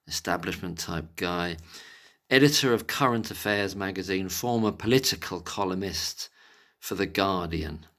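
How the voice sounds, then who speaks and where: A vlogger rants angrily in a monologue, exasperated and sarcastic, swearing plenty along the way. His voice sits low yet has a fairly bright tone.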